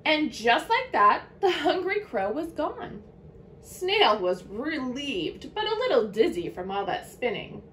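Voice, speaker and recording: A woman teacher reading a children's picture book aloud to young listeners, in an expressive storytelling manner. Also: high-pitched, takes it slowly, slight background noise.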